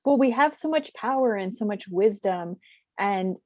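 A woman's voice: mid-range voice, expressive, moderate pace, a little mellow, no echo. A woman hosting an interview, encouraging and affirming her guest. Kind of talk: conversational interview.

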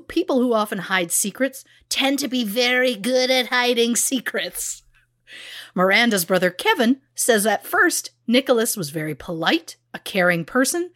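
A woman's voice: medium pitch, fairly bright tone, no room sound, studio quality. A woman co-hosting a true crime podcast, blunt and sarcastic as she recaps a case. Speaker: podcast co-host.

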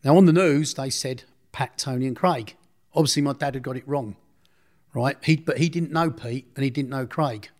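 A man's voice: medium pitch, moderate pace. A middle-aged man, a podcast guest telling a long story in a casual, rambling way, often correcting himself and acting out what others said. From Essex, England. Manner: rambling, self-correcting, acts out others' speech. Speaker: interview guest.

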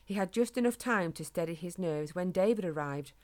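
A woman narrating a children's animal story in a gentle, measured way. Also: fairly low pitch, animated.

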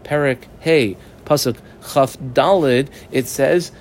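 Male Talmud teacher, mid-pitched, translates the text line by line for a small study group, faint background hiss. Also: slow. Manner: explains step by step, asking and answering his own questions; reads Aramaic text and translates phrase by phrase. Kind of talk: Talmud class lesson.

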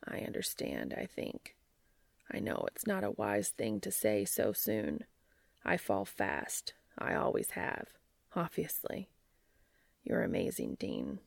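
Woman doing Cass, a soft deep-voiced man. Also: huge pitch swings, takes it slowly, vocal fry, dry recording, full character voice. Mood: tender. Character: tender young man, shy, emotional.

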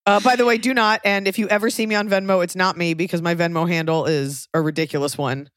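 Wry woman podcast host, lowish voice. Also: fast talker, no room sound, studio quality. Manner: wry, animated storytelling with acted-out quotes. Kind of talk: casual chat.

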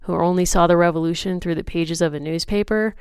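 A pompous colonial husband, as a woman reads him aloud, boastful and a touch slow. The voice is very smooth and clear. The recording is close and dry. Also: on the low side, fairly even intonation, darkish tone, no echo, close to an everyday voice.

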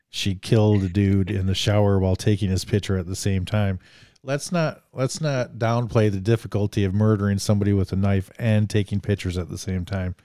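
A man's voice: on the low side, warm tone, no room sound. Joking man hosting a podcast, dry sound. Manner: joking, reads from notes. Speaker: podcast host. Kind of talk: casual movie discussion.

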